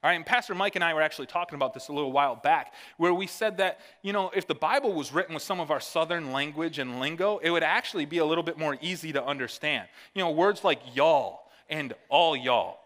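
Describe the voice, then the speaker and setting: A man's voice: fairly high pitch, fast talker, hardly any pauses, fairly bright tone, long reverb tail. A male pastor from the northern United States giving a conversational sermon and checking in with the congregation with "all right?". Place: church sanctuary.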